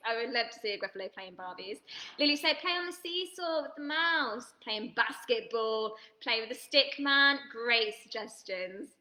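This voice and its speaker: A woman's voice: on the high side, pushed and bright, reverberant. A woman leading an online drama workshop for children, cheerful and reading out viewers' comments, laughing and gasping often.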